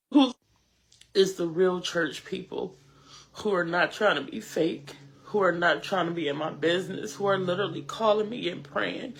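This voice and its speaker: A mother giving an emotional public statement, tearful and exhausted, halting and repeating her words as she thanks people. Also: fairly low pitch, vocal fry. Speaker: mother of a shooting victim.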